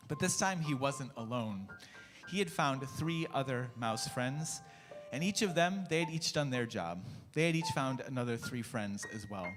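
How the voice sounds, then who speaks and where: A man tells a story to a congregation in an expressive, animated way. His voice sits fairly high. The sanctuary adds a long reverb, with faint music underneath. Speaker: worship leader and storyteller. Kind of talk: storytelling in a worship service. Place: church sanctuary. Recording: echoey church hall, faint music.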